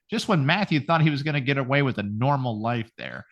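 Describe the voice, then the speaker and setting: A man's voice: mid-range voice, lively intonation, a little fast, fairly bright tone, lo-fi sound. A man co-hosting a podcast, joking and swearing while reading news stories aloud. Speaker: podcast co-host. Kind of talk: casual podcast banter.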